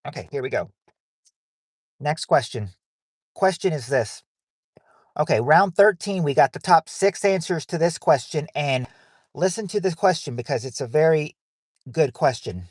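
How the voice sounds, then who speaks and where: A man's voice: on the high side, lively intonation, normal speed, long pauses, no echo, clean studio sound. A man hosting a livestream game night on his phone in a casual, rambling way, reading out viewers' names and answers.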